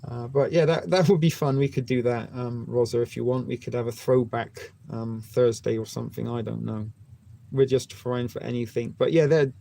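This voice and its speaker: A man's voice: mid-range voice, steady tone, normal speed, creaky, dark tone. A man with an English West Country accent hosting a livestream, rambling through crude jokes with lots of fillers and restarts. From England. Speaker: livestream host. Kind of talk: casual chat with viewers.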